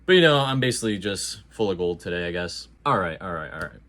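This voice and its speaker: A man with a fairly low voice reviews a movie in a loose, casual way. He talks with lively energy, full of slang and jokes. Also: fast talker. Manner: animated, slangy and jokey.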